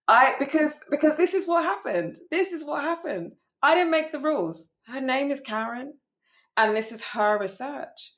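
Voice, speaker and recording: Woman poet chatting about her poem, lively, laughs a lot, keeps restarting sentences. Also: sits high, normal speed. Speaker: poet, guest.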